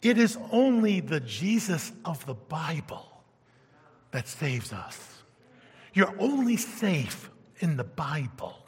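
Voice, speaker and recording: Animated preacher man in an echoing hall. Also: fairly high pitch, takes it slowly, slightly rough. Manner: animated, emphatic, swinging from loud to hushed. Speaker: pastor. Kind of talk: sermon. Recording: long reverb of a church hall.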